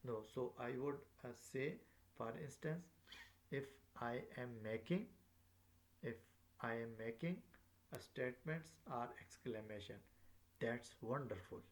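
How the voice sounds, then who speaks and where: A man teaching a recorded lecture, speaking haltingly with many fillers and repeating his phrases as he explains. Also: mid-range voice.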